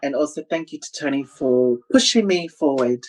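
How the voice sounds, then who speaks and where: A woman hosting a casual online chat show, lively and emotional, giving thanks. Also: extremely low pitch, moderate pace, low-quality recording. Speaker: host.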